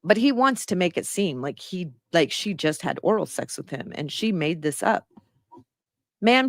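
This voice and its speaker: In a clean studio recording with no echo, a middle-aged woman whose voice runs low reads a news piece aloud and riffs on it bluntly and sarcastically, swearing freely.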